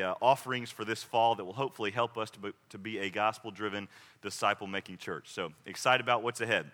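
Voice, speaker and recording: A man's voice: fairly low pitch, bright, forceful tone. A man preaching as a pastor, earnest and emphatic, repeating his key phrases. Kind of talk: sermon with announcements and prayer. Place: church sanctuary. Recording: long hall reverb.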